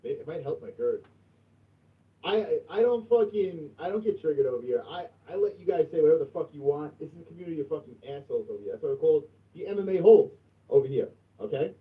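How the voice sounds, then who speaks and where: A man hosting a livestream in casual chat, crude and profane, going from mumbling to loud outbursts. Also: fairly high pitch, animated, fast talker, far from the mic. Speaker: livestream host. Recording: tinny phone-like sound from off mic.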